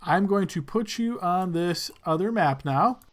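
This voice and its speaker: A man's voice: sits high, expressive, unhurried. A man narrating a tabletop game as game master, in a casual, loose way with many fillers.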